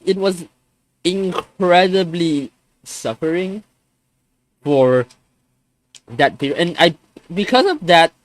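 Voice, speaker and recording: A man's voice: mid-range voice, fairly bright tone, no echo. A young man in his twenties venting on a live stream, frustrated and swearing, often stumbling and restarting his sentences.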